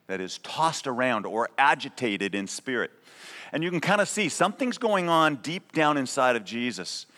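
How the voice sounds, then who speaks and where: A man's voice: mid-range voice, pushed and bright. A man preaching a sermon as pastor, conversational and emphatic, often checking in with a "right?". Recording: long reverb of a large hall.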